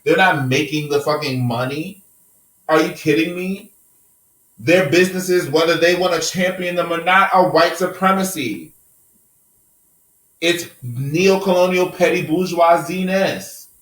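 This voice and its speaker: A man's voice: on the high side, measured pace, a bit bright, echoey room, distant mic, low-quality recording. A man hosting a podcast, holding forth in a passionate, profane rant during a casual group discussion. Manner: impassioned, profane, preachy rants. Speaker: podcast host.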